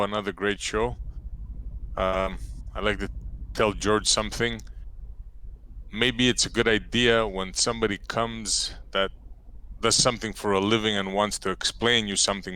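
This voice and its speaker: Wry guy calling in, low but bright, super clear voice. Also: poor audio. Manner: blunt, wry, chuckling. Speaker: caller. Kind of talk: casual call-in comment.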